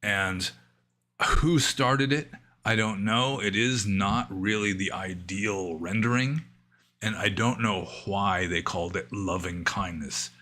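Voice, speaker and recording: A man with a somewhat low voice and a bright, crisp edge talks through viewer questions on a livestream. He thinks aloud, trailing off into asides and small hesitations. His delivery is unhurried and conversational. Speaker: Buddhist monk answering viewer questions. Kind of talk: livestream Q&A, casual explanation. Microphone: livestream microphone.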